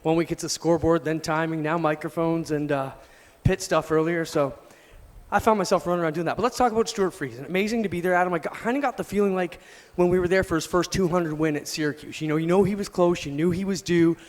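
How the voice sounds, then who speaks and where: A man's voice: on the high side, fast talker. A man who manages a speedway, telling racing stories in casual booth commentary over a headset mic.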